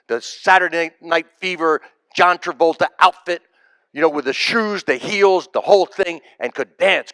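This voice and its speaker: A man's voice: a little high, a bit bright, dry recording. A man, a comedian, telling punchy, repetitive stories at a live memorial tribute. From United States. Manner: emphatic, repeats key phrases for punch. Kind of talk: stand-up storytelling at a memorial. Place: live event before an audience.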